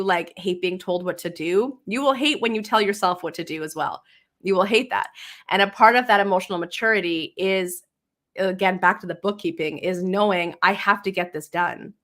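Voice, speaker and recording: A woman's voice: medium pitch, a bit bright. A woman host talking casually and upbeat, often adding "right?" and restarting her sentences while she answers comments. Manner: chatty, upbeat, with many "right?" tags and restarts. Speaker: podcast host. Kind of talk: casual solo talk reading live comments.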